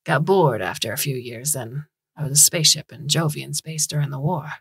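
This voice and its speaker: Moocher, a woman doing a rough old hobo caravan. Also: deep voice, a little fast, a bit bright, no room sound, full character voice. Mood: rambling. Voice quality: rough, gravelly. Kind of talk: audiobook reading.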